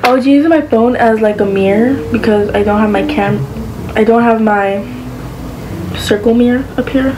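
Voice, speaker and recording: A woman's voice: on the high side, moderate pace, background noise. A woman vlogging in a casual chat to the camera, rambling along with lots of fillers and restarts.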